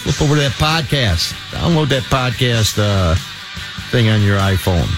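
A man's voice: medium pitch, expressive, normal speed. A man co-hosting a casual radio talk show, jokey and streetwise. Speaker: radio co-host. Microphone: studio microphone. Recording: dry studio sound with faint music.

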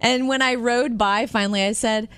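Animated woman telling a story, dry sound. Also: a little high, moderate pace, no room sound. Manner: animated storyteller, acts out quotes. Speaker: radio co-host. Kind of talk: casual chat, storytelling.

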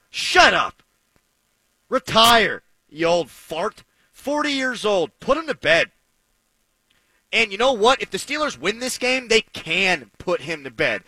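A man's voice: high voice, sharp tone, dry recording, low-quality recording. A man giving heated, sarcastic sports commentary, ranting with fired-up energy.

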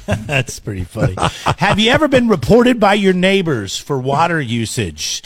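A man co-hosting a casual morning radio show, joking and chiming in with quick reactions. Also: on the high side, slightly rough, no room sound. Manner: animated, jokey, quick to chime in. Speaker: radio co-host.

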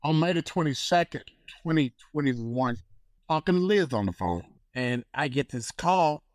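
Older male storyteller, lively, acts out voices, dry close sound. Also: a little high, moderate pace, no echo, poor audio. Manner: animated storyteller, acts out phone calls in voices. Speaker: guest, activist. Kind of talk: storytelling in a conversation.

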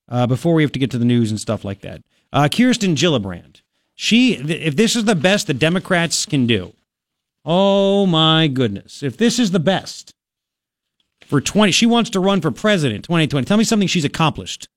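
A man hosting a political talk radio show, combative and sarcastic, talking fast and loose with frequent asides. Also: on the high side, dry recording, studio quality.

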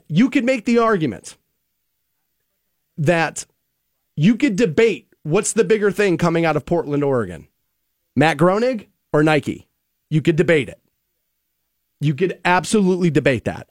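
A man's voice: fairly high pitch, no room sound, studio quality. A man hosting a podcast, ranting in a heated, emphatic and profane way. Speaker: podcast host. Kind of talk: opinionated podcast rant.

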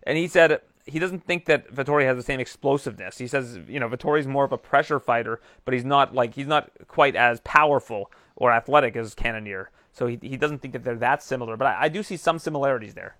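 A man hosting a casual mixed martial arts chat show, talking fast and chatty with many fillers. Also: medium pitch, a bit bright, no room sound, clean studio sound. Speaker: MMA show host.

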